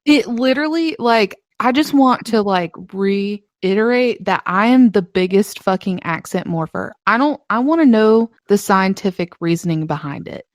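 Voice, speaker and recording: A woman's voice: mid-range voice, animated, normal speed, few pauses, no room sound, clean studio sound. A young woman with a light Southern US accent, co-hosting a podcast in casual, chatty talk and swearing freely. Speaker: podcast co-host.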